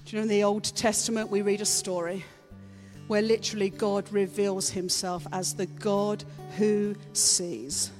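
A middle-aged woman pastor giving an Easter sermon to her congregation, chatty and animated, often leaping into high excited exclamations. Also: unhurried. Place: church hall with congregation. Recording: reverberant hall with soft music behind.

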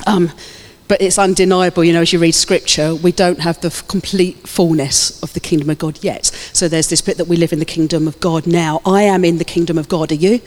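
A woman's voice: on the low side, steady tone, a little fast, hardly any pauses, darkish tone. Woman pastor, fervent exhorting sermon, reverberant church hall. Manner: fervent, exhorting, calls out to the congregation.

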